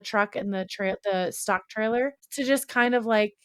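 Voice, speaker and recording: A young woman in a podcast conversation, spinning out a long story with lots of "like" and quick restarts. Her voice sits at an ordinary middle pitch, and the dry, close sound carries almost no room echo. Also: clear, resonant tone. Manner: animated, rambling storytelling full of "like". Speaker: podcast guest or co-host. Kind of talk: casual storytelling chat.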